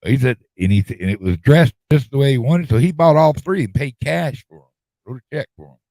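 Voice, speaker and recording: A man's voice: medium pitch, expressive, brisk, warm tone, no echo. A middle-aged man, telling a long rambling story in a folksy drawl and repeating himself as he goes. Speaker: podcast host telling a story. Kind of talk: casual storytelling chat.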